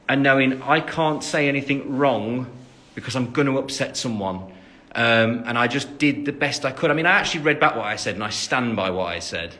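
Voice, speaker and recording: Fairly quick and pushed, his medium-pitched voice sounds bright as this Englishman in his twenties chats casually on a phone livestream. He fields fan comments, rambling with many fillers and self-deprecating laughs.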